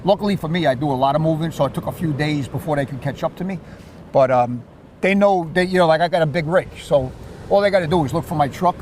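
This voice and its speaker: New York surf fisherman, lively raised voice, outdoors with faint background noise. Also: fairly high pitch, fast talker. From Queens, New York. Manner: animated storyteller with repeated words and restarts. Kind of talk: casual chat.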